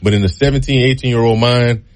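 A man telling stories from his football days in a relaxed interview, acting out the people he quotes. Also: mid-range voice, fast. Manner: relaxed storytelling, acts out quoted voices. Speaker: guest, former college football player. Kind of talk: casual storytelling interview.

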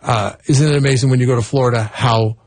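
A man with a General American accent, co-hosting a casual chat, chatty and quick to laugh. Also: mid-range voice, fairly even intonation, darkish tone, no echo. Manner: chatty, laughs easily, restarts often. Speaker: podcast co-host.

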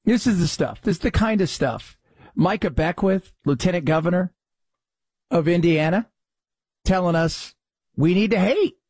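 A man's voice: sits high, normal speed, long pauses, darkish tone, no echo. A man hosting a commentary show, talking in a sarcastic, exasperated way. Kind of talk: opinionated commentary.

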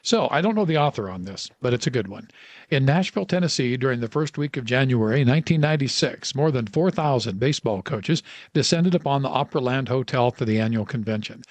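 A man hosting a radio segment, reading an inspirational story aloud with earnest emphasis and dramatic pauses. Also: mid-range voice, lively intonation, dry recording.

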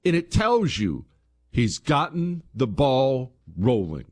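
A male talk radio host gives a forceful monologue, rising to heated highs and sinking low and quiet. His delivery is slow and sing-song.

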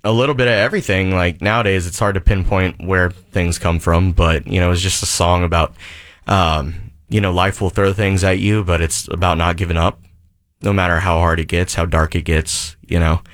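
A man's voice: low-pitched, steady tone, moderate pace, fairly bright tone, dry recording. A man, a touring rock musician, talking in an easygoing way as a guest in a radio studio. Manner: laid-back, easygoing, many fillers. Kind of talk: casual radio interview.

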